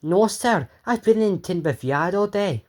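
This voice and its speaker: Man doing brash high engine twin, sweary. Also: animated, darkish tone. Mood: polite. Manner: brash, sweary, quick banter. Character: cheeky young male Scottish steam engine twin.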